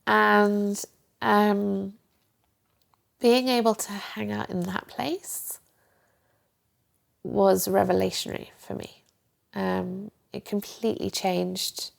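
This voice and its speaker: A woman's voice: medium pitch, steady tone, takes it slowly, vocal fry, pauses often. A young woman, a guest, candidly telling her own story in a reflective, open way. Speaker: guest, journalist and coach. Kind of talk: candid personal interview.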